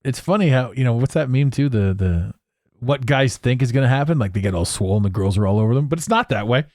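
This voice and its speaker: A man's voice: medium pitch, expressive, fast, darkish tone, dry recording, clean studio sound. A man hosting a solo podcast, rambling through tangents with frequent swearing, sarcasm and laughter. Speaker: podcast host.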